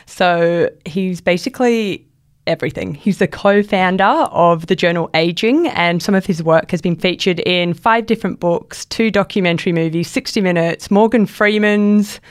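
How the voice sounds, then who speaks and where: A woman's voice: fairly low pitch, normal speed, smooth, dry recording, studio quality. A woman co-hosting a casual chat, wry and playful. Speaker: podcast co-host.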